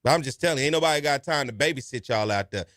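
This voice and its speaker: A man's voice: mid-range voice, expressive, very fast, a bit bright, no room sound, studio quality. A man hosting a podcast, giving folksy, repeated advice and telling stories in a casual, colloquial way. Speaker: podcast host. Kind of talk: casual advice monologue and storytelling.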